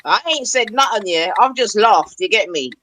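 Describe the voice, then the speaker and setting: A man's voice: sits high, expressive, normal speed, sharp tone, a little hiss or hum. A man, co-hosting a casual reaction chat, laughing and using slang. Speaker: co-host.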